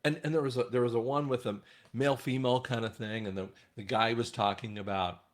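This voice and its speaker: A man talking casually to his viewers in a rambling monologue, often restarting his sentences. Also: a little fast. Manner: rambling, frequent restarts, animated swings in pitch. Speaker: online commentator.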